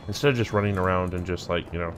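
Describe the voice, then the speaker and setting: Low-voiced man commenting on gameplay. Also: racing, over music. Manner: thinks aloud, reads game text aloud. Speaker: let's play host.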